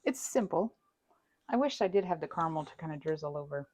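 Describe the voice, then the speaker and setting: Quick-paced and animated, a woman with a low, slightly mellow voice chats while decorating a cake at home. She laughs often and makes fun of herself, recorded on a wireless mic with no echo.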